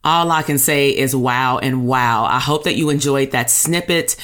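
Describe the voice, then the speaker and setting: A woman coaching therapists on building a business. She teaches a live workshop in an energetic, animated way, with casual slangy asides. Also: very deep voice, unhurried. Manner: addresses the audience as "y'all".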